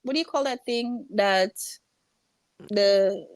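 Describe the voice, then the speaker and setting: A woman's voice: medium pitch, slow, no echo. A Jamaican woman, a business owner, telling stories in a casual interview and acting out the voices of the people in them. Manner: animated storyteller, acts out voices in quotes. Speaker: guest entrepreneur.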